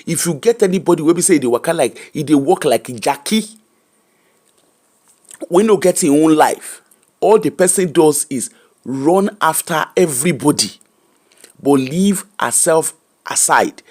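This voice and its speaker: A man's voice: on the high side, expressive, unhurried, long pauses, darkish tone. A middle-aged Nigerian man with a Nigerian accent, hosting an emphatic, preacher-like commentary that mixes Pidgin and English. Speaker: host.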